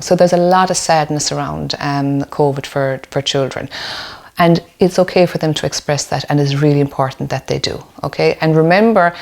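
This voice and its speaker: A woman's voice: low-pitched, vocal fry, a little mellow. An Irish woman, a play therapist, explaining parenting in a webinar, often checking in with "okay?". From Ireland.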